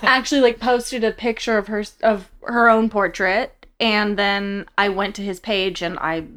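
A young woman, an actress and comedian, chatting casually as a guest at her home, telling animated self-mocking stories. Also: mid-range voice, measured pace, clear, resonant tone. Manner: animated storyteller, self-mocking, laughs often. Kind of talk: casual chat.

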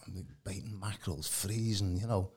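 A man's voice: sits low, fairly even intonation, normal speed, a little mellow. A man, giving a rambling casual testimony as a podcast guest, full of colloquial fillers. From Birkenhead, England. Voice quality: gravelly, very husky.

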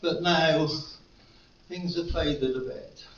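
Older male preacher, a touch high-voiced, earnest storytelling sermon; distant, dull mic in an echoey church. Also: steady tone, slow pace, a little hiss or hum. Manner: storytelling, earnest, rising to fervent appeals.

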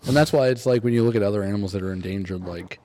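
A man's voice: on the low side, racing, warm tone. Crude, ranting podcast guy. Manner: profane, blunt, joking rants. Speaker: podcast co-host. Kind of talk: casual chat.

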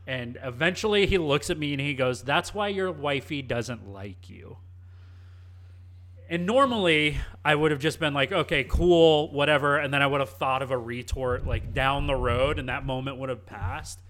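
A young man co-hosting a casual chat, telling a story in a cheeky, animated way. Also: mid-range voice, normal speed. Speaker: co-host.

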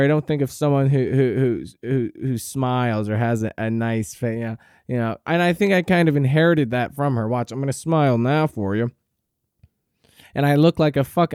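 A man hosting a podcast, telling a comic story in a profane, rambling monologue with deadpan exaggeration. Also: medium pitch, clean tone, dry recording, studio quality. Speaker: podcast host.

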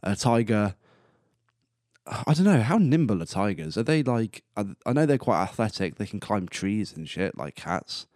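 Young man, 20s, solo podcast host: very deep voice, dry close-mic sound, rambling and self-amused. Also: big pitch swings, moderate pace, darkish tone, no echo. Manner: rambling and self-amused, laughing at his own jokes. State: coughing and burping now and then. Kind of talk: casual solo podcast monologue.

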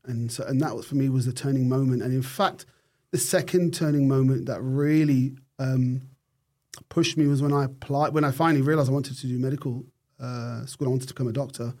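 Mellow-voiced man recalling his past. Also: medium pitch, steady tone, fairly quick. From United Kingdom. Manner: thoughtful, with frequent restarts and self-corrections. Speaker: guest, neurosurgeon. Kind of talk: reflective interview storytelling.

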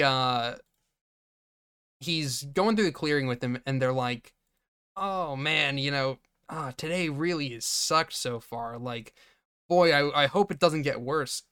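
A man's voice: medium pitch, smooth. Man recapping a film, acting out scenes. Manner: animated retelling, acting out lines, laughing often. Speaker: podcast co-host. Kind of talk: casual movie recap chat.

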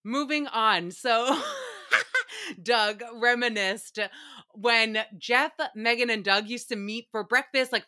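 Young woman podcast host, high bright voice, swears freely, animated solo recap chatter. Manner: profane, animated storytelling with laughs. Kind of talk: casual solo recap chat.

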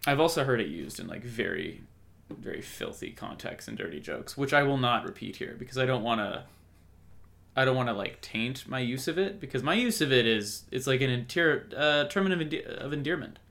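A man's voice: mid-range voice, expressive, brisk, gravelly, a bit bright. A man co-hosting a podcast, talking in a casual, rambling way, joking and breaking off mid-sentence. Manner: rambling, self-interrupting, jokey. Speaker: podcast co-host. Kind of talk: casual chat.

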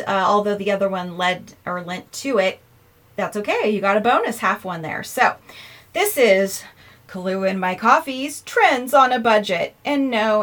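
A woman's voice: mid-range voice, a bit bright. A woman hosting her own podcast in a casual, chatty way, self-mocking and laughing often as she records herself. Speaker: podcast host. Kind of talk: casual chat. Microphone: earphones in, recording herself.

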